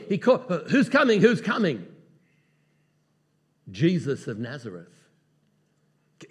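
A man preaching a sermon, telling a Bible story with acted-out voices and frequent chuckles. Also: on the high side. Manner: animated, acts out voices of the story, chuckles often.

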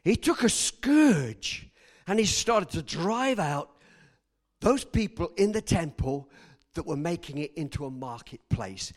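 A man preaching a sermon, dramatic, swinging between shouts and hushed lines and acting out the people he quotes. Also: high voice. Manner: acts out quoted voices.

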